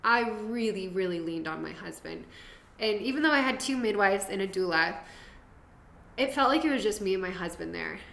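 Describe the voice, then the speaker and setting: A woman's voice: medium pitch, lively intonation, normal speed, gravelly, fairly bright tone. A young woman telling her birth story as a podcast guest, chatty and laughing, drifting into tangents. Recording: roomy echo.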